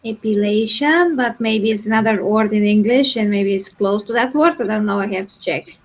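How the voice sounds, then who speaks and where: A woman's voice: medium pitch, normal speed, low-quality recording. A woman in a casual review chat, hesitant and searching for her words.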